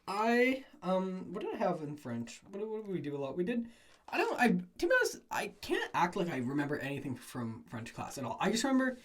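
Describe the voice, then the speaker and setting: A young man co-hosting a podcast, chatting casually and telling lively anecdotes. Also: high-pitched, fairly quick. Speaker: podcast co-host. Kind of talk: casual chat.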